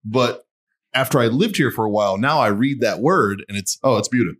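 A man's voice: medium pitch, lively intonation, normal speed, a bit bright. A man co-hosting a drinking podcast, rambling and cracking crude jokes in casual chat. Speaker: podcast co-host.

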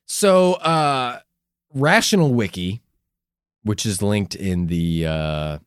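A man's voice: fairly low pitch, expressive, slow pace, clear, resonant tone, no echo, clean studio sound. A man co-hosting a podcast in casual, crude, joking chat, explaining research along the way. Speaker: podcast co-host.

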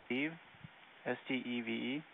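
A man answering the phone at a shop, speaking in a brisk, polite, deadpan way over a tinny phone line. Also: mid-range voice, gravelly. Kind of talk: customer service call.

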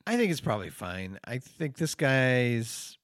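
A male co-host with a dry, skeptical delivery at middling pitch. He sounds deadpan and unimpressed. The recording is close and dry. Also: unhurried, dry recording. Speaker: radio show co-host. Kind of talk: deadpan comedic banter.

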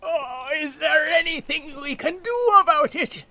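A man voicing an anxious young sailor sidekick who stammers and gets excited. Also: very high-pitched, unhurried, no echo, exaggerated voice.

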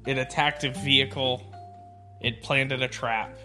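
A man co-hosting a podcast, trading dry, deadpan quips in casual banter. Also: medium pitch, a little slow. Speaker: podcast co-host. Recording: music playing underneath.

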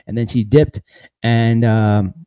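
A man's voice: on the low side, flat delivery, takes it slowly, dark tone, clear, resonant tone, no room sound. A man hosting a podcast, recapping casually in a loose rambling way, laughing often and saying "bro" a lot. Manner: laughs often between lines. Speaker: podcast host.

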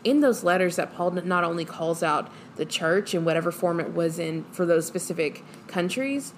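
A woman's voice: lowish voice, normal speed, a little hiss or hum. Earnest woman co-host of a faith chat. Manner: earnest, enthusiastic, many fillers. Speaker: podcast co-host. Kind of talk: casual Bible-study chat.

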